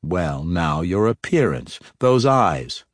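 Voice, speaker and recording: A man narrating a fantasy story, voicing a sly, probing male dark elf rogue in his own low voice. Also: big pitch swings, slow, no room sound, clean studio sound, full character voice. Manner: probing, slyly teasing.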